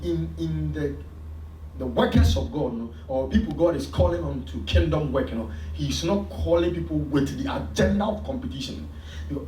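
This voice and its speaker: A man with a Ghanaian accent preaching a sermon as pastor, with sudden loud emphasis. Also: a little high, a little hiss or hum. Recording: echoey church hall from far off.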